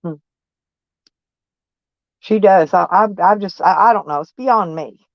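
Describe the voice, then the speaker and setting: A woman with a creaky, medium-pitched voice talks unhurriedly in a dry, lo-fi recording. She's casually chatting on a live stream, folksy and blunt, responding to viewers by name and throwing in mild cursing.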